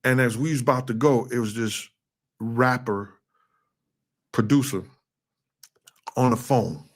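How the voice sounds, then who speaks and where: A man telling a tense story in a casual interview, acting out quoted shouts with an animated delivery. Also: medium pitch, unhurried. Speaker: interview guest.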